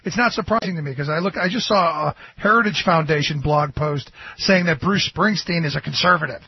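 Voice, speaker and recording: A man's voice: on the high side, fairly quick, gravelly, slightly rough, no room sound. A man hosting a radio interview, talking in a conversational, agreeable way with casual asides. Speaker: radio host. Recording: dull, dry lo-fi radio sound.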